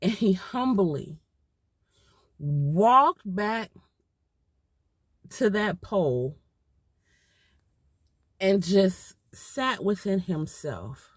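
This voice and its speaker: A woman's voice: fairly high pitch, extremely slow, pauses often, a bit bright, no room sound. A mother telling a personal story in an emotional, heartfelt way, repeating herself for emphasis. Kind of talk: casual storytime.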